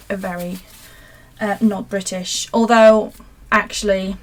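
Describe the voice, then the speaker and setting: A woman from Poland hosts a relaxed live crafting session from her desk at home. Her voice sits a little high and she talks to viewers in a rambling, self-mocking way as she works. A faint hum of background noise runs under her. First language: Polish. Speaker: craft video host. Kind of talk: casual live craft chat.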